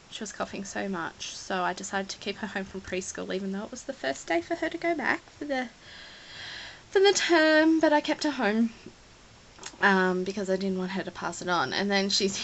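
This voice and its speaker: On a rough recording with slight background noise, an Australian scrapbooking vlogger casually presents a scrapbook, rambling and apologizing, emotional enough to come close to tears at times. Her medium-pitched voice is gravelly with a fairly bright tone.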